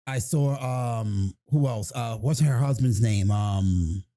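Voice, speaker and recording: A man co-hosting a podcast in casual chat, relaxed and agreeable, chuckling along. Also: fairly low pitch, slow pace. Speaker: podcast co-host.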